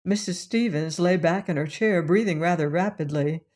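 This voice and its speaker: A woman narrating an audiobook in a slow, measured way. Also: lowish voice, a little mellow.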